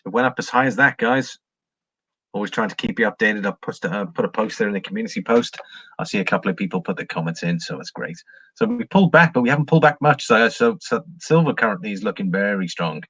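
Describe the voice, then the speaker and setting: Reading viewer comments and talking over price charts, this livestream host rambles in a casual way. He has a lowish, fairly bright voice with a breathy edge, speaking quickly in a sing-song manner. There's no echo on the recording.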